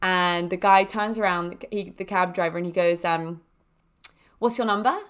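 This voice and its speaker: A young woman hosting a podcast, telling casual stories in a chatty, animated way with frequent laughs and fillers. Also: lowish voice, normal speed, clear, resonant tone. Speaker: podcast host. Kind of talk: casual storytelling monologue.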